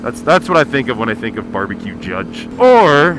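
A man rants and jokes at city traffic from a motorcycle, his pitch swinging all over. He swears freely and jumps between bits. A helmet headset mic picks him up over steady wind and road noise. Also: moderate pace. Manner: profane, jokey ranting at traffic. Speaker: motovlogger. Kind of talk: casual riding commentary. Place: riding a motorcycle on city streets.

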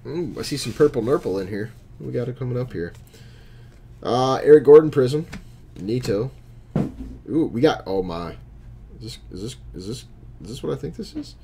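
A man's voice: mid-range voice, expressive, a little fast, creaky, warm tone, a little hiss or hum. A man hosting a live stream, opening packs of cards and chatting with viewers as he calls out each card.

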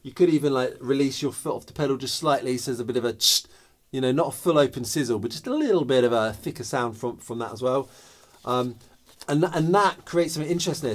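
A man's voice: medium pitch, animated, fairly quick, background noise. Male drum teacher, patient step-by-step explainer who counts beats aloud and beatboxes the grooves. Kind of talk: instructional drum lesson.

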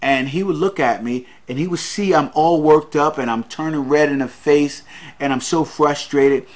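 A man's voice: a little high, moderate pace. A man hosting a podcast, giving an earnest motivational monologue, repeating his key lines and calling his listeners guys. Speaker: podcast host.

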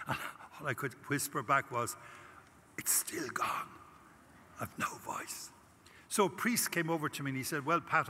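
A man's voice: mid-range voice, pushed and bright, slight background noise. An older Irish priest giving a conference talk, telling a personal story and acting out his prayers with animation. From Ireland. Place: large conference hall. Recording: long hall reverb.

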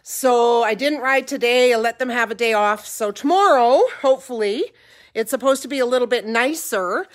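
Teary rambling ranch woman, higher voice. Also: moderate pace. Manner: rambling, a little teary, self-deprecating. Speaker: vlogger, ranch owner. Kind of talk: casual vlog chat. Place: home kitchen.

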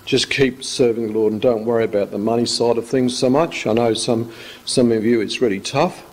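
A man's voice: medium pitch, fairly even intonation, fairly quick, a little mellow. A male pastor, giving an informal sermon full of rambling, joking stories. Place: church hall. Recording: echoey church hall.

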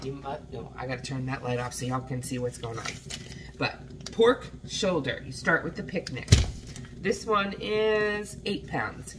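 A woman's voice: a bass voice, normal speed. A tired woman just out of bed, chatting casually in a vlog while hurrying around her home kitchen. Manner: rambling, talks while hurrying about the kitchen. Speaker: cooking vlogger. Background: faint coffee machine hiss.

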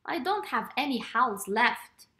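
A woman's voice: a little high, sing-song, slow pace, pushed and bright, reverberant, exaggerated voice. A woman doing a drowsy farm dog. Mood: weary. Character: easygoing, tired farm dog.

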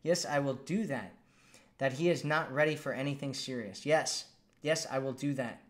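A man's voice: medium pitch, moderate pace. A man hosting a live stream as a dating coach, reading out viewer comments in a casual, upbeat, chatty way.

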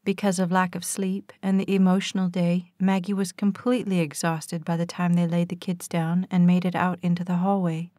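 A woman narrating a romance audiobook in a calm, even storytelling manner on a close studio mic. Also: fairly low pitch, moderate pace, few pauses, no room sound. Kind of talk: scripted narration.

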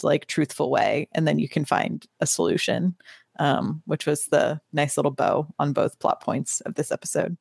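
A woman co-hosting a podcast, talking casually with a slightly low voice. She laughs easily and pads her thoughts with ums. The sound is dry and close. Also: moderate pace, vocal fry, husky, no room sound. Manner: laughs often, many ums. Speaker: podcast co-host.

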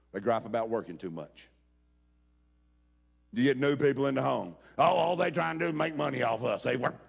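A man preaching a sermon, talking folksy and direct with the congregation and rising to shouts. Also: mid-range voice, creaky. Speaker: pastor.

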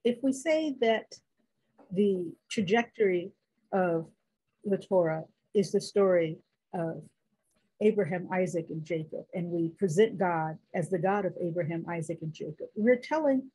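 A middle-aged woman, a biblical scholar guesting on an interview, speaking in an emphatic, teacherly way and listing names in a measured cadence. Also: lowish voice, warm tone, breathy edge, low-quality recording.

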